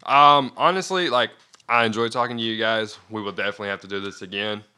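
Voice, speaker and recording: A man's voice: lowish voice, fairly even intonation, fast talker, pushed and bright, smooth. A man hosting a podcast, casually chatting and steering the conversation. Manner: easygoing, laughing, steers the talk. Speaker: podcast host. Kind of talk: casual chat.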